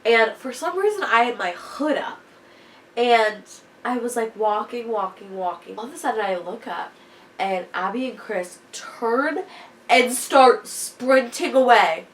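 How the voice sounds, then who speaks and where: A woman's voice: on the high side, lively intonation, measured pace, a bit bright. A young woman chatting casually and telling a story to a friend. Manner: chatty, reacts with short "yeah"s. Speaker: podcast co-host. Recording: distant mic, faint hiss.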